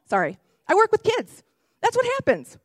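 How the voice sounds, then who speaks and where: A young woman who works in kids ministry, preaching a sermon in an animated, chatty way, correcting herself and breaking into excited shouts. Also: extremely high pitch, normal speed, no room sound, studio quality. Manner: self-correcting, chatty asides.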